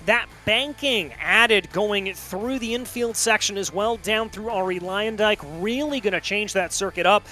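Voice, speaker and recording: A man's voice: sits high, measured pace, few pauses, sharp tone. A man hosting an online racing broadcast, upbeat and rattling off championship standings. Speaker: sim racing commentator. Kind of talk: play-by-play broadcast commentary.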